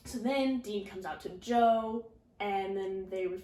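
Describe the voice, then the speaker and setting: A woman's voice: medium pitch, fast, dark tone, echoey room. A woman casually recapping a story, rambling with lots of "like" and sarcastic asides. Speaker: video essayist recapping a fanfiction.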